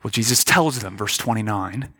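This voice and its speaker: Earnest, bright-voiced male preacher. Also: fairly low pitch, moderate pace, slightly rough. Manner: earnest, questioning, repeats words when emphasizing. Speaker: pastor. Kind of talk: sermon.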